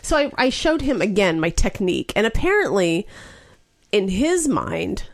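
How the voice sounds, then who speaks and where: A woman's voice: moderate pace, vocal fry, no echo, studio quality. A woman in her forties co-hosting a casual podcast chat, telling a story and acting out what others said. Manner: animated storyteller, acts out quotes with big pitch jumps. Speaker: podcast co-host. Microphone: podcast microphone.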